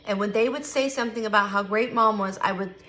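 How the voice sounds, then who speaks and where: A woman's voice: medium pitch, quick pace, bright, forceful tone. A middle-aged woman chatting candidly to camera, emphatic and given to repeating herself. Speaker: vlogger. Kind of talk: casual chat to camera.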